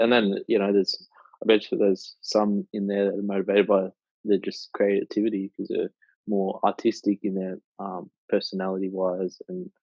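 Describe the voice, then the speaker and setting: Young aussie guy in his 20s rambling on a podcast, low-ish voice, dry muffled sound. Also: no room sound. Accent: Australian. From Australia. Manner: rambling, heavy fillers and restarts. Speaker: podcast guest. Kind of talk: casual chat.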